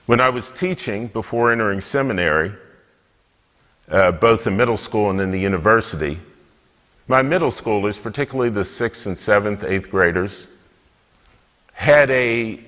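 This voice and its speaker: A man's voice: mid-range voice, fairly bright tone. Male deacon, mid-range voice, earnest homily, long church reverb. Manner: measured, earnest preaching.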